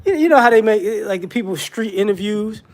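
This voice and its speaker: A man's voice: sits high, animated, quick pace, darkish tone. A man giving a casual, rambling commentary monologue with frequent restarts and repetitions.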